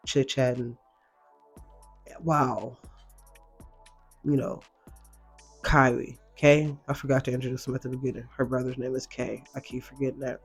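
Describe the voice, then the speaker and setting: A man walking through a show recap in easygoing, slang-heavy talk, cursing without a second thought. His voice sits at an ordinary middle pitch. Soft music plays faintly underneath. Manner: slangy, expressive, swears freely. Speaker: reaction video host. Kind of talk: casual recap commentary.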